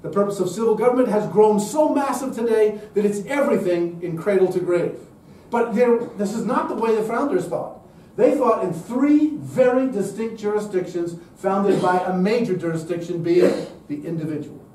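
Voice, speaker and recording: A man's voice: sits high, normal speed, warm tone, very echoey, far from the mic, a little hiss or hum, low-quality recording. A man giving an emphatic lecture-style talk at a public event, posing rhetorical questions to the audience.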